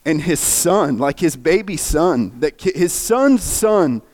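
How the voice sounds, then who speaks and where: Guy preaching, kinda high voice, gets real emotional telling a story. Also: slow pace. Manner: earnest, emotional, animated retelling. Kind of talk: sermon storytelling.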